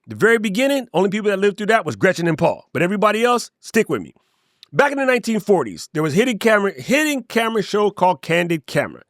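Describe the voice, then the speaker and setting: Male host, casual slangy delivery, very expressive pitch, dead dry booth. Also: fast, no room sound. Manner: animated, slangy, playful asides. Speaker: creator coach, host. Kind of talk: casual direct-to-camera talk.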